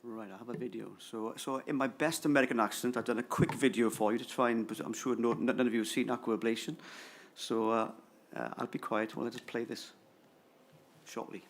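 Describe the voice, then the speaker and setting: A man speaks at a conference debate with a gravelly, creaky voice. He is hesitant and understated as he presents his evidence. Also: mid-range voice, fairly even intonation, brisk. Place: conference hall.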